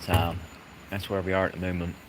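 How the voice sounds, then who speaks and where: A man's voice: low-pitched, little pitch movement, fairly quick. Rambling English man with traffic behind. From England. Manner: meandering, repeats himself, greets chat viewers. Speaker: live streamer. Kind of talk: rambling live-stream chat.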